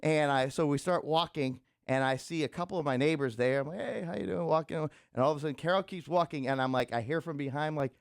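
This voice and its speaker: A man's voice: fairly high pitch, fast, few pauses, clear, resonant tone, dry recording. Guy on morning radio telling a story, acts out the voices, dry studio sound. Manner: animated storyteller acting out voices. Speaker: radio show co-host.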